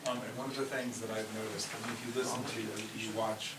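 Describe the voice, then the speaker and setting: Fast-talking man asking from the audience. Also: on the low side, level tone. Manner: hesitant, full of fillers and restarts. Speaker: audience member asking a question. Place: university lecture hall. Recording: distant voice in an echoey hall with loud noise.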